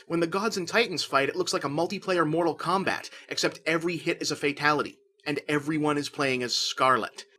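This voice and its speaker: Fast, bright-voiced sardonic male critic. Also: on the high side. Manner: sardonic, snarky delivery. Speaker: film critic. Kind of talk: scripted review narration.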